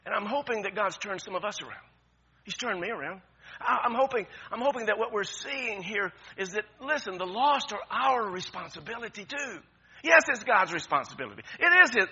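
The audio is dull as a high-pitched pastor delivers a passionate sermon in a bright, forceful, breathy voice. He keeps repeating phrases and starting over.

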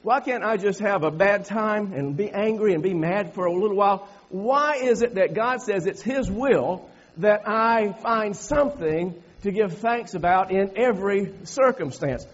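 A man's voice: sits high, lively intonation, a little slow, highs cut off. A man pastor giving a sermon in a church, folksy, repeating phrases and building to emphatic preaching. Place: church sanctuary.

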